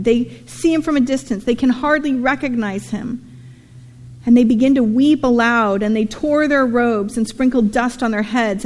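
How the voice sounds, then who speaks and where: Animated woman preaching a sermon. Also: fairly high pitch, in a large hall. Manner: animated storytelling, playful asides. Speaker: pastor. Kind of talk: sermon with scripture reading. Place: synagogue.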